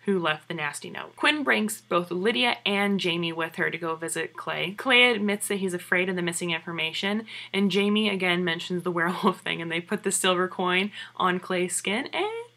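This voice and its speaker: Woman vlogger talking fast about last night's episode, low-ish voice but bright and punchy. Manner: chatty, excited, asks viewers questions. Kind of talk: casual episode recap.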